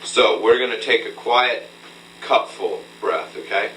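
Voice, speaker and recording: A man's voice: on the low side, unhurried, pushed and bright. A man coaching a beginner singer through a hands-on breathing lesson, patient and instructive, checking in with a frequent "okay?" in a room with a mirror. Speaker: vocal coach. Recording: roomy, distant, faint hum, old tape.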